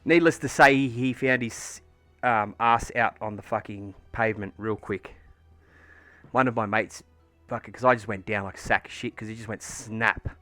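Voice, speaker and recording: A man's voice: fairly low pitch, moderate pace, pushed and bright, dry recording, faint music behind. An Australian man livestreaming from home, chatting casually and rambling through a story with plenty of swearing and fillers. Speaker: livestreamer painting miniatures. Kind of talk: casual chat while painting on stream.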